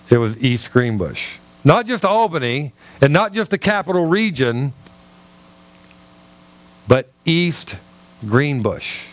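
A man, a pastor, telling a personal story in a sermon with relaxed humor, dropping his voice low when he quotes what he heard. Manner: conversational, self-deprecating humor, acts out quotes in a lower voice.

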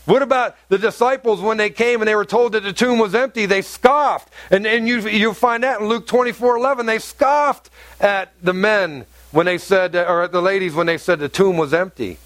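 Male pastor, high voice, animated conversational sermon, dry close recording. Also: normal speed, dry recording. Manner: conversational, animated preaching with acted-out quotes.

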